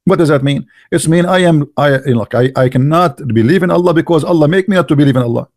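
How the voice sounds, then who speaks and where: A man with a somewhat high voice gives sarcastic, incredulous commentary in English, which is his second language. He sounds close to the mic, and the sound is dry. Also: quick pace, darkish tone, no echo. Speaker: online religion critic. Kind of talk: mocking commentary on a text.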